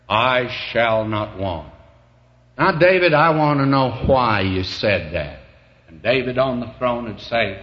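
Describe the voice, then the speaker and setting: A male preacher delivers a sermon in an unhurried, folksy storytelling manner. He keeps returning to "may I say to you" as his voice swells to fervent emphasis. The recording sounds dull and lo-fi. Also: mid-range voice, expressive. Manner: repeats the phrase "may I say to you".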